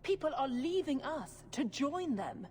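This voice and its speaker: An actress playing a fanatical middle-aged priestess in a video game, speaking in a fervent, accusing, sermon-like manner. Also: female voice, sits high, very animated, unhurried, darkish tone. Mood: zealous. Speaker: priestess character. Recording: long reverb with faint noise.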